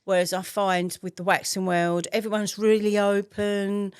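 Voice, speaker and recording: A woman's voice: mid-range voice, little pitch movement, moderate pace, smooth, no room sound, clean studio sound. A woman with a Cockney accent, a guest in a casual chat, telling stories in an open, self-deprecating way. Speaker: guest, trainee waxer.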